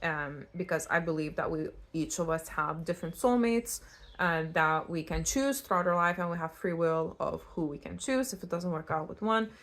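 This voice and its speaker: A young woman from Eastern Europe giving a casual pick-a-card tarot reading, chatty and animated and prone to tangents. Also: low-pitched, moderate pace. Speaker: tarot reader.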